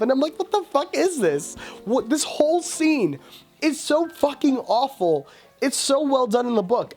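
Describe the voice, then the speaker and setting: A man's voice: high-pitched, darkish tone. A man hosting a podcast in a casual film review rant, profane, exasperated and mocking. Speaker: podcast host.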